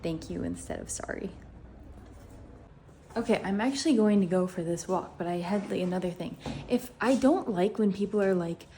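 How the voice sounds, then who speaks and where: A woman's voice: mid-range voice, moderate pace, warm tone, slight background noise. A young woman talking casually to her viewers at home in a rambling, upbeat vlog. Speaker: vlogger. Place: indoors at home.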